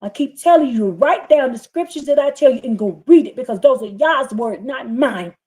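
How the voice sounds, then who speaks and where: Fiery preaching woman, higher voice. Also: lively intonation, normal speed, darkish tone. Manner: fiery, scolding, reads scripture in rising bursts. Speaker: preacher streaming a scripture reading. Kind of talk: impassioned live-stream sermon.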